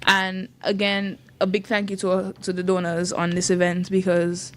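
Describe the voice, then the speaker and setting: A woman's voice: fairly low pitch, completely flat delivery, moderate pace, a little hiss or hum. A woman, a youth group leader chatting on a radio show in an upbeat, laughing way. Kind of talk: casual radio chat promoting an event. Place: radio studio.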